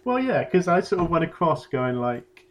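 A man's voice: a little high, very animated, moderate pace. A man in his twenties telling a story in casual chat, laughing often and acting out what people said. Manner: laughing storyteller, acts out quotes.

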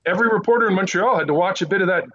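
A man who works as a news correspondent, telling animated stories from the field in a casual podcast interview. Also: sits high, dull audio. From Quebec Eastern Townships, Canada. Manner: animated anecdotes, quick asides.

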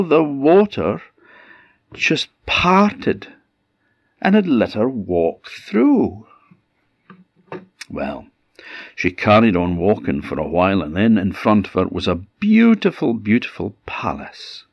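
A man with an Orkney Scottish accent telling a folk tale in a lively, expressive way. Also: low voice, no echo, muffled recording. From Orkney, Scotland. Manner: lively, expressive, drawn-out words. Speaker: storyteller.

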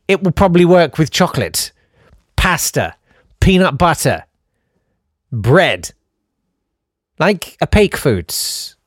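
A man hosts a podcast and reads listener messages in a lively, swooping voice that climbs into mock outrage and drops back down. His delivery is self-deprecating and playfully theatrical, recorded close and dry with no room sound. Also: on the high side, no echo. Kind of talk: casual chat.

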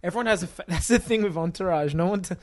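A man co-hosting a podcast, full of quick jokes and banter. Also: high-pitched, dry recording. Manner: jokey, quick quips and banter. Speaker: podcast co-host. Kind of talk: casual podcast chat.

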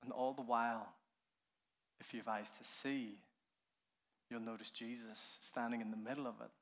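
A man preaching a keynote sermon, telling the story with animated energy, laughing often, sometimes dropping to a hush and then building up with fervor. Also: mid-range voice, moderate pace. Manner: laughs often while speaking. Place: conference hall.

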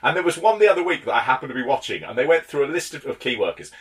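A man's voice: mid-range voice, sing-song, very fast. A man co-hosting a casual chat, wry and teasing. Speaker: podcast co-host.

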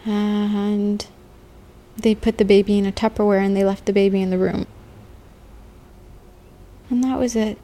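A woman in her thirties, an interviewee telling her own story in slow, halting testimony with long pauses. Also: mid-range voice, little pitch movement, mellow. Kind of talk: personal testimony. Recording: faint music beneath.

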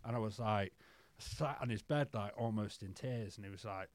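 A man's voice: on the low side, brisk, few pauses, no room sound. A man telling his own stories as a podcast guest, in a loose, rambling way, swearing freely and calling everyone "mate". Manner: peppers speech with "mate" and swearing. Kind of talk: candid casual storytelling.

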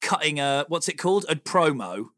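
A man hosting a podcast, chatty and quick to laugh. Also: on the high side, very animated, fairly bright tone. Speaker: podcast host. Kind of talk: casual podcast chat.

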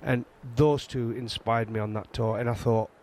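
A man's voice: medium pitch, moderate pace. Chatty Yorkshire man telling stories. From England. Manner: animated storytelling, frequent restarts. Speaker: guest, former fast bowler. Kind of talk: casual chat.

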